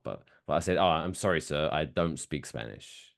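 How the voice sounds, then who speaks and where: A man's voice: very deep voice, expressive, normal speed, vocal fry, hardly any pauses. A man co-hosting a casual podcast, telling stories with lots of energy and acting out other people's lines. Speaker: podcast co-host.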